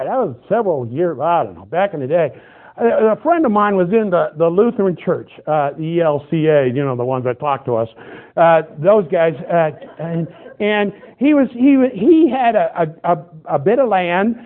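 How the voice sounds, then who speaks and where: A middle-aged man preaching a sermon, telling stories with animated, excitable bursts. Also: high-pitched. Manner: animated storytelling, shifts to loud excited outbursts. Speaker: pastor. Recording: tinny phone-like band.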